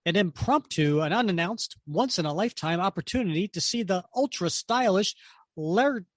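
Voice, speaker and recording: A man's voice: high voice, expressive, moderate pace, no echo, studio quality, pitched above the performer's own voice. A man voicing a pompous, showy male villain stage magician with a grandiose, taunting delivery, read from a comic on a podcast.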